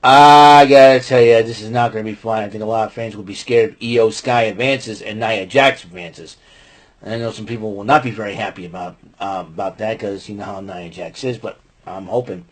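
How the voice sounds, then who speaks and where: A man hosting a casual show, recapping wrestling in an excitable, rambling way and breaking into loud mock quotes. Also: lowish voice, fairly quick. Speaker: podcast host recapping wrestling. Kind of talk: casual chat.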